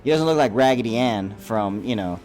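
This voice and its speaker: A man's voice: mid-range voice, animated, brisk, a little mellow. A man giving a casual, profane, rambling reaction to a movie trailer, full of fillers and restarts. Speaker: YouTube commentator.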